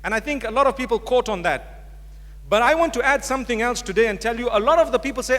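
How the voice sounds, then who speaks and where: A man's voice: very high voice, fast talker, a bit bright. A man giving a public religious lecture to a live audience, speaking directly and with humor. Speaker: Islamic preacher. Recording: long hall reverb from a lecture hall.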